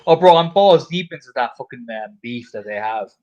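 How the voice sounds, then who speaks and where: A man's voice: medium pitch, expressive, fairly quick, darkish tone, dull audio. Swearing, rambling man hosting a stream. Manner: swears freely, rambling storytelling with fillers. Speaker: stream host. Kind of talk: casual chat about fight news.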